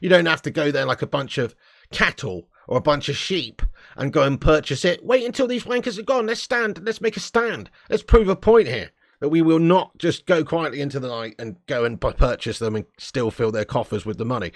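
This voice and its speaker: A man's voice: fairly high pitch, expressive, fairly quick. Sweary man ranting on a stream. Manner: sweary, blunt, laughing rants. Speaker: host of a fan channel live stream. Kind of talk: casual live-stream commentary.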